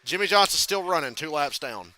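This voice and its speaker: A man's voice: a little high, animated, a little fast, pushed and bright, poor audio. A man streaming a live race reaction, rambling casually, swearing freely and laughing at his own stories.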